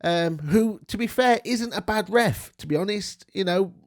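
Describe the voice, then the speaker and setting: A man's voice: high-pitched, normal speed. A man, ranting angrily and swearing about a football decision on his channel. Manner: sweary, indignant, rambling. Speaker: football vlogger. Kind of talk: angry football rant.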